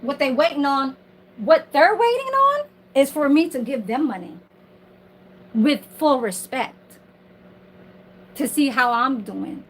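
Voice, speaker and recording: A woman's voice: sits high, animated, slow pace, long pauses, a bit bright, a little hiss or hum, poor audio. A woman ranting on her livestream from home in a casual, heated, profane and rambling way.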